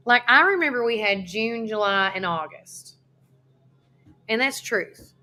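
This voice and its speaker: A woman's voice: fairly high pitch, animated, a little slow, bright, forceful tone. Chatty woman co-host. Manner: chatty storyteller, reads listener comments aloud. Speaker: radio co-host. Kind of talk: casual live-stream chat.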